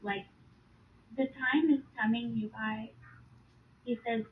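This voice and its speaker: A woman's voice: on the high side, slow. A woman sharing a spiritual vision in casual spoken testimony, earnest and urgent, with loose fillers as she explains. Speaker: Christian speaker sharing a vision. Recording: tinny phone-like audio with faint background noise.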